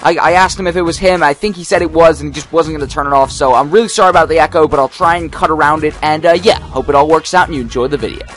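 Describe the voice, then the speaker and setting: Quick, high-voiced male gaming host, chatty intro with faint music underneath. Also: a bit bright. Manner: apologetic, chatty. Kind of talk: casual video intro.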